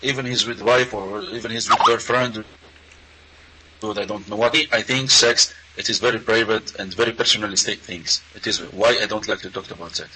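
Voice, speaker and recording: Earnest caller, halting second-language English. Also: male voice, fairly low pitch, fairly even intonation, bright, forceful tone, a little hiss or hum, low-quality recording. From Arab world. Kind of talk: call-in conversation.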